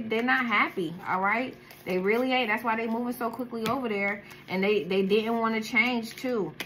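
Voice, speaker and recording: A tarot reader with a daughter speaks at medium pitch with a slightly bright tone, keeping things casual, blunt and heavy on slang and profanity. A little hiss or hum can be heard.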